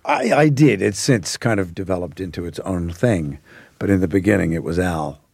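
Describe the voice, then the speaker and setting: A man in his forties from Australia who now speaks with an American accent, telling rambling stories as an actor guest in a relaxed interview. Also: low-pitched, moderate pace, gravelly, husky, no room sound. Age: 40s. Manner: rambling anecdotal storyteller.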